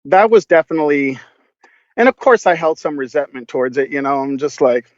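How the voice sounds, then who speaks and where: Rambling, cursing man, fairly high voice. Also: animated, a little fast, no room sound, highs cut off. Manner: rambling, profane, with many fillers. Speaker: podcast guest. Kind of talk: casual storytelling.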